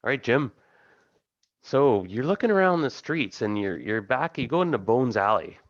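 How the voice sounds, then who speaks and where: A man's voice: medium pitch, very animated, normal speed, no echo, dull audio. A man running a tabletop game as game master, narrating casually with fillers.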